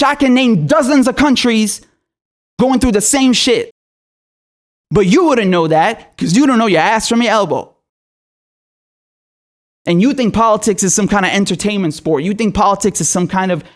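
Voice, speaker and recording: A man's voice: sits high, moderate pace, pauses often. A man from Syria delivers an angry political rant as host of his own show. He is profane and sarcastic throughout, and full of fury. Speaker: political commentator.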